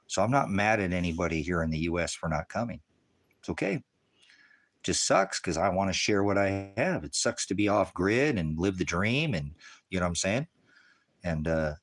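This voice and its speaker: American man, off-grid preacher type, low voice, profane heated rants with shouting bursts. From United States. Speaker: ministry channel host. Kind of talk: profane off-grid rant to viewers. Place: rural off-grid homestead.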